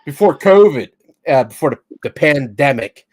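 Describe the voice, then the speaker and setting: A man co-hosting a sports talk show, rambling with halting restarts. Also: fairly high pitch, lively intonation, darkish tone, no echo. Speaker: podcast co-host. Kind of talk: casual chat.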